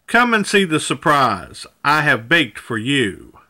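A man's voice: fairly high pitch, sing-song, slow pace, pushed and bright, heavily acted. A man reading a kindly little old woman. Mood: fond. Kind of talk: children's storybook read-aloud.

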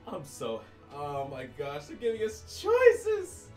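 Excitable male streamer, very animated, in a roomy space away from the mic. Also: fairly high pitch, takes it slowly. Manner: excitable, swings between whispers and shouts. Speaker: gaming streamer. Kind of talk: let's play commentary. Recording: roomy room, distant mic, game music.

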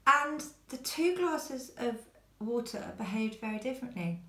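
A woman talking earnestly to camera from her quiet home, pausing often as she speaks. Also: on the high side, animated, roomy sound. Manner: earnest, halting with many pauses. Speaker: vlogger. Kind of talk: personal talk to camera.

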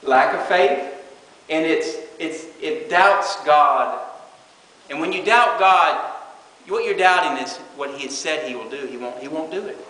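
A man delivers a conversational sermon, slipping into the voices of praying and doubting people. His voice sits a little high and rings bright and forceful. The sound carries a long, roomy reverb from the hall. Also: unhurried. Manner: conversational preaching, acting out quoted prayers. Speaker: preacher.

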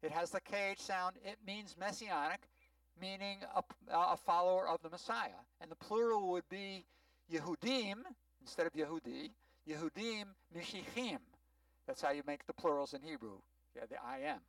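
A rabbi giving a sermon-style teaching, explaining words patiently and often checking whether the congregation follows. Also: male voice, high voice, expressive, moderate pace, creaky, a bit bright, no echo, recorded from a distance, rough recording. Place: synagogue sanctuary.

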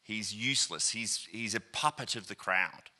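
An Australian man preaching a sermon, telling a story with lively asides, acted-out quotes and plenty of ums and uhs. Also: lowish voice, normal speed. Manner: animated, acts out quoted voices, many fillers. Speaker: pastor. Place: church auditorium.

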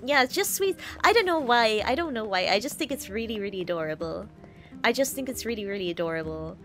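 A young woman chats while she plays a game on stream. Her voice is fairly high and very animated, and she rambles, swears and giggles as she restarts her sentences, with faint music behind her. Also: quick pace.

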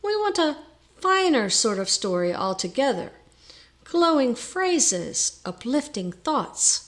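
A woman's voice: high-pitched, sing-song, takes it slowly, fairly bright tone, voice pushed up, heavily acted. A woman voicing a prim, coy older noblewoman prioress who speaks in a genteel, simpering way and drops in French words.

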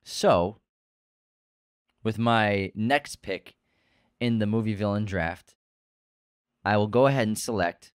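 A male podcast co-host with a fairly low voice jokes and hesitates in relaxed chat. The sound is dry and close to the mic. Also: slow, pauses often, smooth, no room sound. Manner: playful and dithering. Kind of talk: casual chat.

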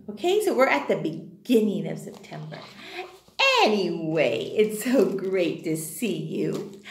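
A woman's voice: mid-range voice, big pitch swings, normal speed, vocal fry, a little mellow, roomy sound. A woman teaching a kindergarten class, talking to young children in an exaggerated, sing-song way.

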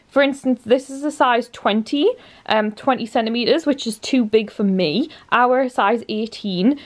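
A young woman chatting casually to camera at home in a bubbly way, with lots of fillers. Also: on the high side. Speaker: vlogger. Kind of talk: casual vlog chat. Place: at home indoors.

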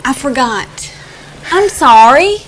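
A forgetful young secretary. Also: female voice, high-pitched, expressive, slow pace, a little hiss or hum, rough recording. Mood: apologetic.

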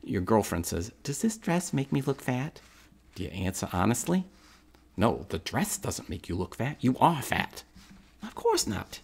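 A man's voice: mid-range voice, big pitch swings, a little slow, creaky, husky, exaggerated voice. An actor playing a blunt, streetwise man with a Brooklyn accent, speaking to the audience in a chatty, direct theatrical monologue.

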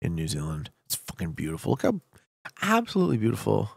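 A man streaming a geography guessing game, chatting to viewers with loud hype bursts and quiet muttering while he thinks. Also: fairly low pitch, wildly swooping pitch, fast talker, creaky, slightly rough, no echo. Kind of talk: casual gameplay commentary.

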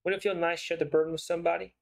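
A man voicing a shrewd, persuasive investigative writer in a story game, with a smooth, probing way of talking. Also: fairly high pitch, little pitch movement, rapid-fire, poor audio.

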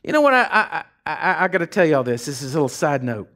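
A man preaching with a drawl, his voice sitting high and leaping around in pitch. He tells homespun stories, dropping to hushed asides and then rising to fired-up shouts. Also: big pitch swings, fast. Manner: folksy storytelling, swings from hushed asides to shouting. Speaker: pastor. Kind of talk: sermon.

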